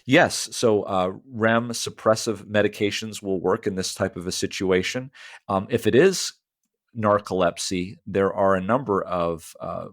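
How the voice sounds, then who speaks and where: A man's voice: lowish voice, unhurried, dry recording, clean studio sound. A man, a sleep medicine doctor, explaining clinical matters in a radio interview, with frequent fillers.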